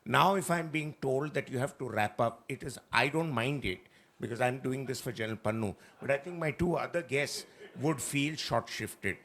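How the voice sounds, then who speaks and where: A man's voice: medium pitch, moderate pace, a bit bright. A man moderating a festival panel discussion, blunt and courteous with his guests. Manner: blunt, addresses guests as sir. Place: stage at a literature festival.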